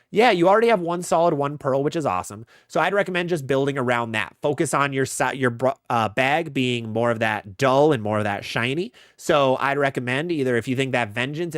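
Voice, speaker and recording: A man's voice: medium pitch, dry recording, studio quality. A man hosting a live bowling Q&A, giving casual gear advice in answer to viewer questions. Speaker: bowling channel host. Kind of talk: live stream Q&A, answering chat.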